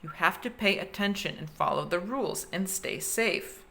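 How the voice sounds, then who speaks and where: A woman voicing a caring, worried mother in a children's story, warning her son gently. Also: lowish voice, animated, normal speed.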